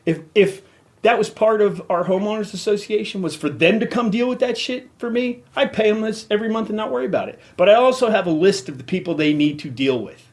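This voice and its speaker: Here a middle-aged man hosting a podcast rants furiously, swearing a lot and hammering his points home. He speaks in a high voice, slightly fast.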